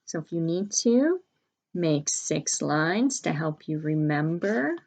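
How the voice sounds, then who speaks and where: Slow, low-voiced woman teaching spelling. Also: lively intonation, darkish tone. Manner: slow, clearly sounding out letters and words. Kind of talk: early-grade spelling lesson.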